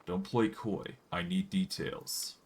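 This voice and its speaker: A man's voice: low voice, steady tone, slow pace, recorded from a distance, slight background noise. A man reading aloud the lines of a blunt, stern male commander in a fantasy game.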